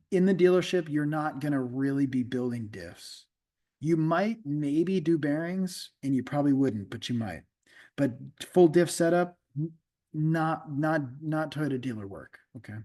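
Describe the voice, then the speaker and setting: A man's voice: on the high side, dark tone. A middle-aged man, an automotive instructor, lecturing a class in a casual, conversational way, often repeating himself and checking in with the students.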